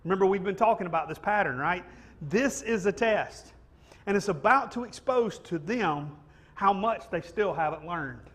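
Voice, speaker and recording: A man's voice: high-pitched, expressive, normal speed, a bit bright. A man preaching a sermon in a church, conversational and jokey, checking in with "right?" as he goes. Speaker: pastor. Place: church sanctuary.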